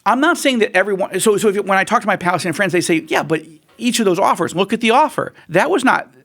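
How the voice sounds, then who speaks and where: A man's voice: high voice, expressive, quick pace, a bit bright. A man speaking as a guest in an interview, telling stories animatedly and acting out quoted voices. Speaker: guest author.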